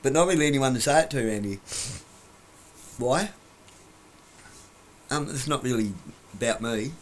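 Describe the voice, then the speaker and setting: A man's voice: mid-range voice, expressive, moderate pace, slight background noise. Blunt, profane man rambling. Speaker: vlogger. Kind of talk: casual rambling monologue. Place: at home on a couch.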